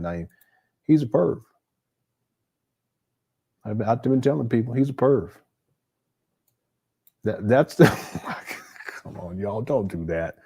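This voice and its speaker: A man's voice: medium pitch, dark tone, husky. A man hosting a live stream, reacting to a clip with incredulous, exasperated, stammering commentary. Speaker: livestream commentator.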